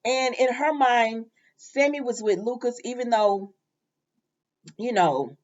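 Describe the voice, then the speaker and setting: A woman's voice: fairly high pitch, takes it slowly, highs cut off. A woman casually recapping a soap opera episode for her viewers, chatty and familiar, calling them baby and child.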